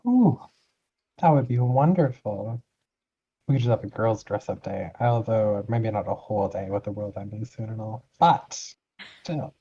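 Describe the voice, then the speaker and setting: A man's voice: on the low side, warm tone, breathy edge, dull audio. A man voicing a gushing, sweet-talking female guild member in a tabletop game, fawning and chatty. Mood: sweetly eager. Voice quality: fawning and chatty, drawn-out syrupy phrasing.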